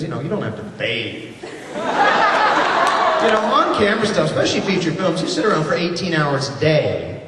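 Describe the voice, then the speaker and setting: A man, a voice actor, joking with a convention audience and acting out quoted voices as he tells stories. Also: mid-range voice. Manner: jokey, animated, laughing, acts out quoted voices. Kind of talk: lively convention panel talk. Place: large convention hall with audience. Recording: echoey hall taped from far off, loud crowd and noise.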